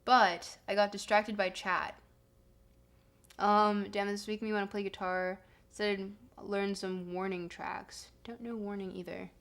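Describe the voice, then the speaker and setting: A woman's voice: medium pitch, level tone, measured pace, fairly bright tone. A woman streamer chatting casually with her chat, reading comments aloud and humming between songs. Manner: chatty, reads chat aloud, sings along. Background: music.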